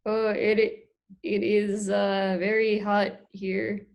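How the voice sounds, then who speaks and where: A woman voicing a hesitant male alligator puppet in halting, unsure speech. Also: mid-range voice, little pitch movement, a little mellow. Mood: tentative.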